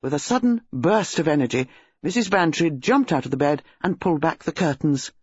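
An audiobook narrator reading a story in a measured, expressive way, in a dull lo-fi recording. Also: mid-range voice, husky, no room sound. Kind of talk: scripted narration.

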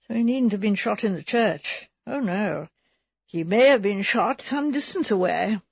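Brief: woman reading a sober male doctor, clinical and explanatory, husky and dry. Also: medium pitch, expressive, unhurried, a little mellow, dry recording, full character voice. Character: grave, matter-of-fact country doctor, male. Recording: slightly dull recording.

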